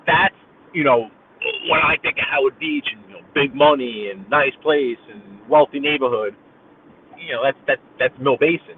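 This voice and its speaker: This driving live-streamer, a Brooklyn man with a New York accent, talks casually and at length to his viewers. His voice sits in the mid range, with a little hiss or hum in the tinny, phone-like recording made inside the car.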